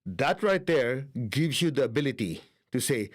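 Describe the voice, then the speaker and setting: A man's voice: mid-range voice, sing-song, moderate pace. A man teaching spiritual healing in a conversational way. He often checks in with his listeners and acts out inner dialogue. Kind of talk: instructional talk on spiritual healing.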